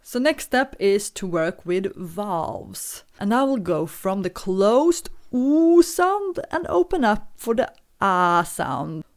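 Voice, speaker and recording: A woman teaching singing, walking through a vocal warm-up with calm, patient step-by-step instructions. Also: medium pitch, slow pace, hardly any pauses.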